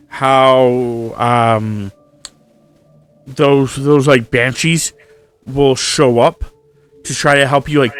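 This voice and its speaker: A man's voice: mid-range voice, steady tone, drawn-out words, long pauses, smooth, faint music behind. A man streaming a game, chatting casually in a rambling, profane way full of fillers. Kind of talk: casual chat over gameplay.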